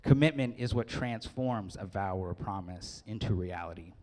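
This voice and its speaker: A man's voice: on the low side, moderate pace, a little mellow. Joking forty-year-old man giving a speech. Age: 40s. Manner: joking, laughs often, self-deprecating. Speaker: wedding speaker. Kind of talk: wedding speech. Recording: long hall reverb.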